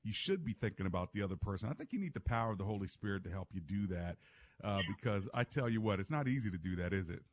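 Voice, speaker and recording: A man's voice: fairly low pitch, expressive, quick pace. A man hosting a call-in radio talk show, folksy and affirming with his callers.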